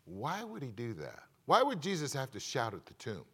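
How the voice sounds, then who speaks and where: A middle-aged male pastor delivers a sermon with a voice of ordinary pitch. He swings between raised, emphatic declarations and quiet, confiding asides. He keeps turning to the congregation with direct questions. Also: huge pitch swings, moderate pace, breathy edge.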